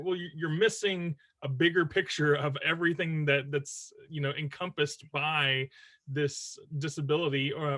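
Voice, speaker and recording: A man's voice: fairly high pitch, a bit bright. A man moderating a church panel discussion, talking casually with fillers and restarts. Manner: conversational, with many fillers and restarts.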